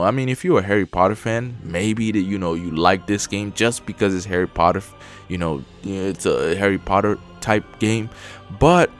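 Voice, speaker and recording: A man giving a ranting game review, casual and exasperated, full of fillers and restarts. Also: mid-range voice.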